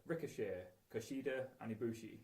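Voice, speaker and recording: A man's voice: medium pitch, a little fast, darkish tone. A man co-hosting a podcast, dry and matter-of-fact as he reads out a poll. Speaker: podcast co-host. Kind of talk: casual chat. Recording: distant mic, roomy echo.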